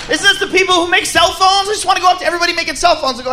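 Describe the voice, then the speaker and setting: A man doing a stand-up comedy set, ranting loudly and profanely in a rowdy manner. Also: very high-pitched, big pitch swings, racing, few pauses. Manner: rowdy, profane, shouting rants. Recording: live club with crowd and noise.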